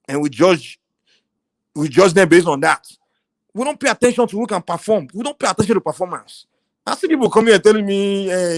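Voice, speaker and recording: A Nigerian man with a high voice rattles off passionate political opinions at speed. He restarts and repeats words as he pushes his point. The sound is dry and close, with little room around it. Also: no room sound. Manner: animated, repetitive restarts, Nigerian Pidgin phrases. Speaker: panel participant.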